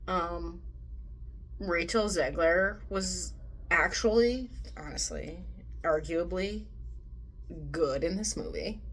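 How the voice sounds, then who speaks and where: A woman's voice: lowish voice, slight background noise. A young woman vlogging a casual movie review rant. She swears freely and acts out quotes in mocking voices.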